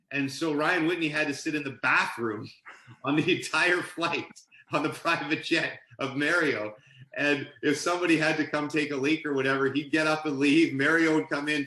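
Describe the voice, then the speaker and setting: Bright-voiced man telling lively stories in an echoey room. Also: fairly high pitch. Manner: animated anecdote-telling, laughs mid-story. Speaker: podcast guest, author and sportscaster. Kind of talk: casual storytelling interview.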